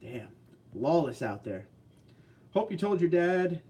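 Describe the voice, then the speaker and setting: A man's voice: fairly high pitch, sing-song, takes it slowly, dark tone, slightly rough. A man hosting a casual livestream, reading out chat messages in a laid-back way, tired from little sleep but upbeat and chuckling often. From New Jersey, US. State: short on sleep.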